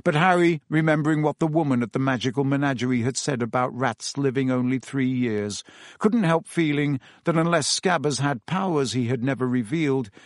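A man reading a storybook aloud as narrator, telling it in a steady, measured way on a close mic. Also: mid-range voice, no room sound. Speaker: audiobook narrator. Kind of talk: scripted narration.

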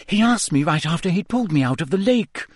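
A man voicing a clever, bossy teenage schoolgirl witch in an audiobook, speaking briskly and sharply. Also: sits high, expressive, dry recording, studio quality, pitched above the performer's own voice. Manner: brisk, sharp and quick to snap.

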